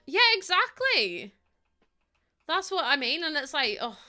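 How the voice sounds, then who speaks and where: A woman's voice: high-pitched, sing-song, a little slow, bright, forceful tone. A young adult woman, chatting heatedly to her live chat while she builds in a game. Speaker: live streamer.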